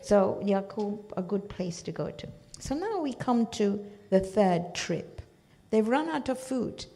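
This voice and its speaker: A woman's voice: medium pitch, big pitch swings, a little slow, mellow. A woman teaching a religious study class, explaining verses through storytelling and often checking in with her listeners.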